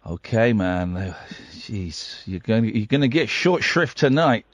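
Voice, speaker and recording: A man's voice: lowish voice, animated, unhurried, dry recording, clean studio sound. A man hosting a comic phone-in radio show, rambling and teasing his callers with sarcasm.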